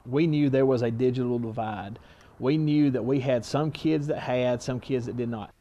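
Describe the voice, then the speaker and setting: A man's voice: medium pitch, moderate pace, mellow. Plain-spoken man. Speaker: school educator and parent. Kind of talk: documentary interview.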